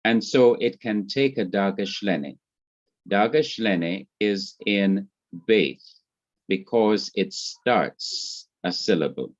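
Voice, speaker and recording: A man with a Jamaican accent teaching Hebrew grammar in a classroom lecture, speaking slowly and deliberately and repeating his points. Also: fairly low pitch, expressive. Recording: muffled lo-fi classroom recording.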